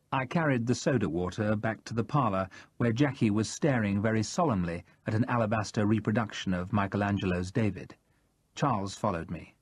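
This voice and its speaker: A man narrating a first-person thriller audiobook in a steady, measured way, read close to the mic. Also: fairly low pitch, breathy edge, no room sound.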